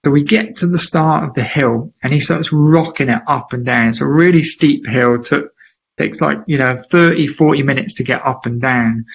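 A man, a charity founder and interview guest, telling a lively anecdote and acting out the voices of the people in it. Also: mid-range voice, moderate pace, gravelly, breathy edge. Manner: lively, acts out quoted voices, laughs often. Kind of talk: animated anecdotal storytelling. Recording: slightly dull lo-fi audio.

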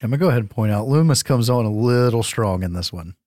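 Male podcast co-host, blunt sidekick, mid-pitched, dry studio mic. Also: animated, quick pace, darkish tone, no room sound. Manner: blunt, swearing. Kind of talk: casual chat.

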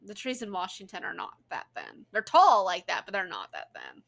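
A woman giving casual, sarcastic running commentary on a film she is watching with a friend. She swears freely and talks in an animated way. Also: mid-range voice, brisk, gravelly. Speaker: co-host reacting to a film.

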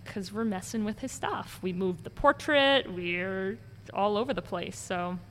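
Speaking a bit slowly at medium pitch, a female ghost tour guide shares stories in an interview format. She brings quoted people to life by voicing them with animated flair, against a long-reverb recording with faint noise behind it.

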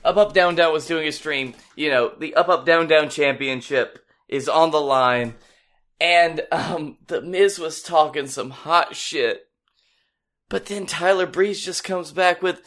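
A man's voice: a little high, unhurried, a bit bright. A man co-hosting a casual podcast chat, laid-back and swearing casually. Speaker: podcast co-host.

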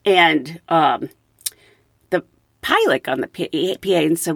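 A woman's voice: deep voice, slow, creaky, slightly rough, no room sound, studio quality. A woman podcast host who works as a flight attendant, telling a story in chatty, casual storytelling. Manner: chatty, animated, with fillers and laughs.

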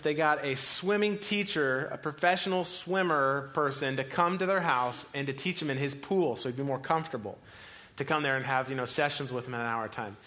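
A man preaching a sermon as pastor, telling a story with lively acted-out voices. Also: mid-range voice. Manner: animated storyteller, acts out voices.

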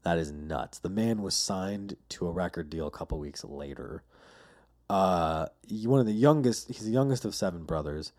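Male podcast host, loose profane storyteller, low-ish warm tone. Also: animated, normal speed. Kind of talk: casual solo podcast monologue.

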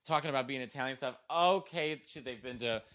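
A man from the Chicago suburbs in a casual podcast chat, telling animated family stories. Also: mid-range voice, a little fast, smooth. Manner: animated storyteller, loud when acting out relatives.

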